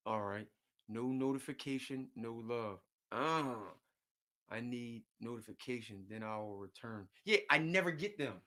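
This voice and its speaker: A man's voice: medium pitch, moderate pace, bright, forceful tone. A man hosting a casual livestream, rambling and venting, often repeating himself and reading viewer comments aloud. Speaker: livestream host.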